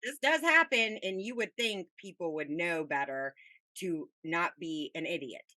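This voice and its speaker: A woman's voice: on the low side, expressive, a little slow, bright, forceful tone, no room sound. A woman, the host and company head, giving blunt, emphatic career advice in a casual interview. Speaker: production company CEO, host.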